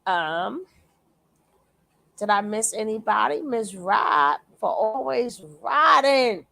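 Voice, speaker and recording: Slow-talking gravelly woman streamer. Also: medium pitch, expressive, dry recording. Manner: chatty, greets viewers warmly by name. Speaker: reaction channel host. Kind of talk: casual livestream commentary.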